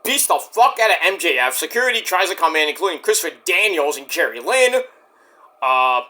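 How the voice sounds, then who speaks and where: A man's voice: fairly high pitch, a little fast. A man giving a casual, profane recap of a wrestling show, acting out the wrestlers' lines as he goes. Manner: profane, excitable, acts out quotes. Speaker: wrestling reviewer.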